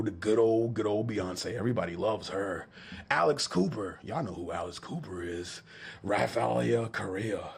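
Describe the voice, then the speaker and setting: A man's voice: fairly low pitch, vocal fry, husky. A man, talking loosely and joking with his stream chat from his studio. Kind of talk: casual livestream chat.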